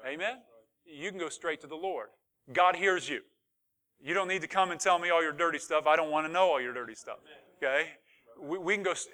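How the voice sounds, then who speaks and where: A man's voice: on the high side, pushed and bright. A man pastor preaching a sermon with rising fervor, asking the congregation for responses.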